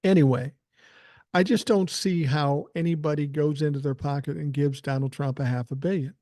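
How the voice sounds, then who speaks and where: A man's voice: a little high, steady tone, normal speed, warm tone, no echo, studio quality. An older man hosting a podcast, talking in a blunt, profane and self-assured way. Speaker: podcast host. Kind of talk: casual political commentary.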